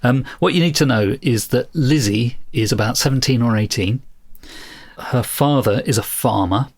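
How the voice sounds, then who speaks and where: A man's voice: lowish voice, slightly rough. A man co-hosting a book discussion podcast, talking in a thoughtful, self-deprecating way and explaining at length. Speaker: podcast co-host.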